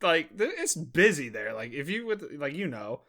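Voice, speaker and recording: Profane animated young man telling stories. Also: on the high side, moderate pace. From Maryland, USA. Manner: animated storytelling, profane, laughing often. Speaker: podcast host. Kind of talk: casual podcast chat.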